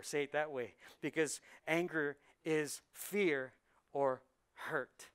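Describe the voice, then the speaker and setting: A male pastor preaching a sermon, moving between hushed, intense passages and loud, driving preaching, and slipping Spanish words into his English. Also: fairly high pitch, fairly even intonation, takes it slowly, clear, resonant tone. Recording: church sermon on a live mic.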